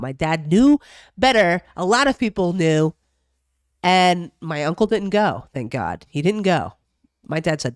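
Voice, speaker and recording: A woman's voice: lowish voice, very animated, measured pace, dry recording, clean studio sound. A young woman from New Jersey chatting casually on a live stream, swearing freely and reacting to chat. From New Jersey, USA. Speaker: streamer reading the news.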